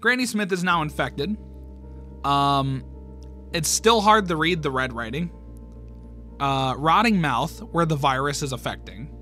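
A man's voice: a little high, animated, unhurried, pauses often, bright, forceful tone, soft background music. A man reading a fan horror comic aloud, reacting with surprise and swearing. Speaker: comic reader.

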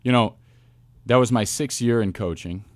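A man, a football coach, telling stories in a casual interview with lively asides and restarts. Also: medium pitch, no room sound. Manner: animated storyteller, quick asides and restarts. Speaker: wide receivers coach, guest.

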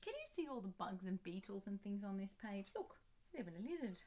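Animated woman reading to children. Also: mid-range voice, fairly quick. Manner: animated, asking listeners questions. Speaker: picture-book author reading aloud.

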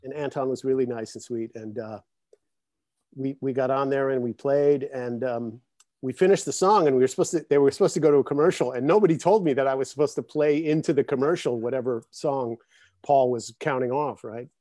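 Laughing, animated man on a video call. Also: medium pitch, fairly quick, no echo, clean studio sound. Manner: animated storyteller, laughs often. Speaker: guest drummer. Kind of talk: casual chat. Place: home, in Connecticut.

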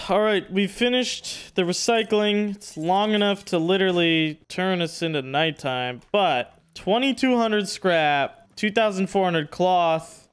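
A young man giving casual, excitable commentary over his own survival game playthrough, loose and slangy. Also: sits high, clear, resonant tone. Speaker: gaming YouTuber. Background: background music.

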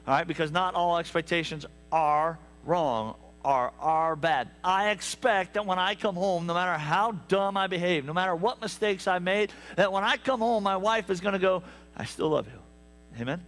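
A man preaching a sermon, telling stories with lively asides to the congregation. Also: high voice. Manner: animated storytelling with asides to the congregation. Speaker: pastor. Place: church sanctuary.

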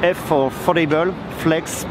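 A French man with a French accent, a tech vlogger chatting casually in halting English from a hotel room and a rainy street, laughing often. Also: on the high side, fairly even intonation, noisy background. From France. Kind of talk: casual travel and tech vlog.

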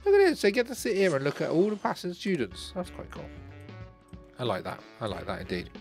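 A man's voice: on the high side, wildly swooping pitch, fairly quick, faint music behind. A man hosting a gaming channel, chatting through a let's play and cheerfully talking to the game's characters.

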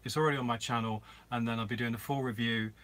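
Bright-voiced chatty man on a live stream. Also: medium pitch, fairly even intonation, fast. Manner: chatty, rambling, greets viewers by name. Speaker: vlogger hosting a live Q&A. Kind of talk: casual live-stream chat. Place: inside a camper van.

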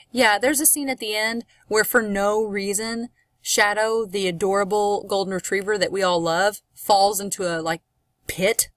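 Woman, college English instructor, casual explanatory lecture, fillers and asides, mid-pitched voice, dry sound. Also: a bit bright, no room sound. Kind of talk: recorded course lecture.

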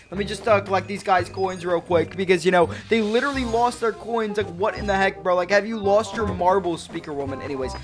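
A gaming video host giving excitable let's-play commentary, chatty and full of slang. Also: medium pitch.

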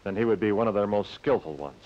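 An actor dubbing a calm young samurai, speaking in a measured, serious way in an old TV dub. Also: male voice, lowish voice, natural voice. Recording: dull vintage TV dub audio.

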